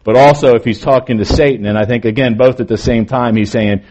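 A male pastor preaching a morning sermon, moving between emphatic lines and quieter, drawn-out phrases. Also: medium pitch, fairly even intonation, noisy background.

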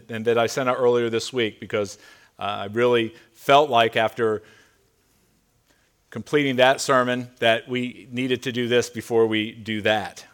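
A man preaching a sermon to his congregation as their pastor, earnest and emphatic, dropping to quieter asides. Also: mid-range voice. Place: church sanctuary.

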